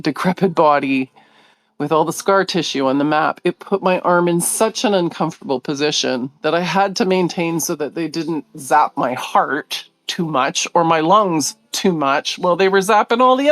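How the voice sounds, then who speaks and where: A middle-aged woman hosting a live video, telling a story in a casual, animated way, laughing often and acting out what others said. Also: low-pitched. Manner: animated, laughing, acts out quoted voices.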